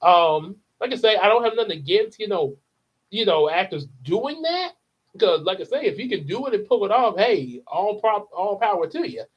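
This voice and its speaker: A man's voice: sits high, sing-song, normal speed, husky. A man hosting a channel update, chatting casually and rambling with lots of fillers. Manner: rambling, many fillers and laughs. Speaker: channel host and actor. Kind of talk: casual chat. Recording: dull lo-fi sound.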